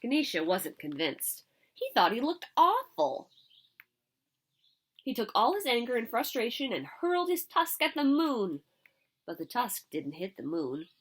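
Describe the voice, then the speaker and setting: A woman reads a picture book aloud in an expressive, animated way. Her pitch leaps around a lot as she tells the story. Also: normal speed. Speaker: story reader.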